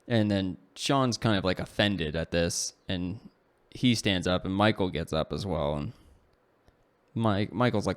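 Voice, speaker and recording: A podcast co-host with a low, unhurried voice casually spins out a long, meandering story. He fills it with "like" and "you know," corrects himself as he goes, and pokes fun at himself along the way.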